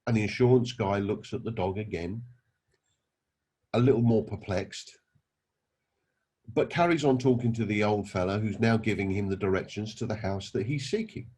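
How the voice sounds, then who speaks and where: A man's voice: on the low side, normal speed, long pauses, a little mellow, husky. A man giving a motivational talk, telling anecdotes and asking his listeners rhetorical questions. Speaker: network marketing recruiter.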